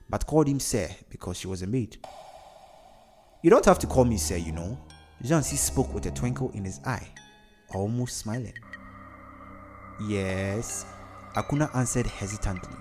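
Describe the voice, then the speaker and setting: A man narrating a story in a steady, even storytelling manner. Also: mid-range voice.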